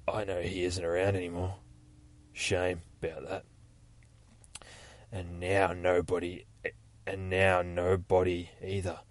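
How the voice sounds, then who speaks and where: A man voicing a sinister male prisoner who taunts his jailers in a low, whispery voice. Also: completely flat delivery, slow pace, pauses often, dry recording. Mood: taunting.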